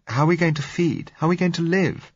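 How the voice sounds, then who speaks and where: A man's voice: on the high side, fast talker, no echo, lo-fi sound, voice pushed up, close to an everyday voice. A man reading an audiobook, voicing a frightened blind young woman who pleads anxiously. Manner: pleading, fearful.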